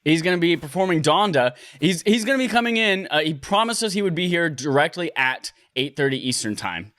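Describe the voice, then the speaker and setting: A man's voice: on the high side, animated, brisk, a bit bright, no room sound, clean studio sound. A man hosting a casual gaming podcast from his living room, joking loosely and swearing freely. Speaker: podcast host.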